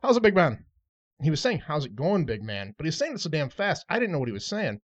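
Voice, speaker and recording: A young adult man telling rambling, lively travel stories in a casual chat with friends. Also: fairly high pitch, fast talker. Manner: rambling, animated anecdotes with laughs. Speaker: podcast co-host. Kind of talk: casual storytelling. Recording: dull lo-fi recording.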